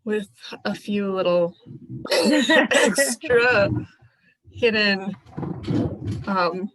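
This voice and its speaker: Mom hosting a laid back live chat, talks slow, laughs a lot, rambles a bit. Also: female voice, mid-range voice, a bit bright, slight background noise, rough recording. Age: young adult or middle-aged mother. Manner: chatty, laughs often, restarts. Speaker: host.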